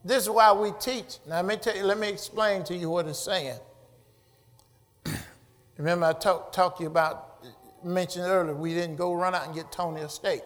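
A middle-aged male pastor preaching a sermon, building to loud shouted passages and calling out to the congregation. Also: high voice, steady tone, normal speed, big-room sound. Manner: preaching with rising shouts and call-and-response. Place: church sanctuary.

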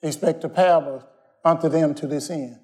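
A man's voice: on the high side, steady tone, normal speed, a little mellow. A man preaching a sermon as pastor, telling plainspoken stories in everyday slang and asking the congregation to call back answers. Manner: folksy, call-and-response preaching.

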